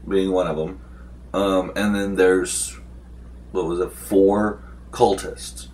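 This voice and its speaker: Young guy slowly rambling thru his tabletop game recap, lowish voice, lots of ums and restarts. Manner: rambling, with many fillers and restarts; acts out the game master's and players' lines. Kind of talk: casual recap.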